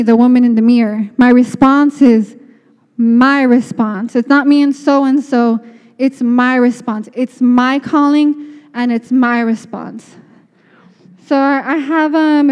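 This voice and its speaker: Woman preaching, high mellow voice, casual and earnest, big echoey hall. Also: steady tone, slow. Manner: earnest, conversational, many restarts. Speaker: speaker. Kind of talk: sermon. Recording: long reverb of a hall.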